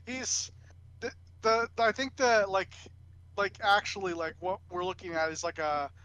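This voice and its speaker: A man co-hosting a casual podcast, talking in halting sentences full of restarts. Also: high-pitched, fairly even intonation, bright, forceful tone, smooth, rough recording. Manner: halting, many fillers and restarts. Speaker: podcast co-host. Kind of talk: casual chat.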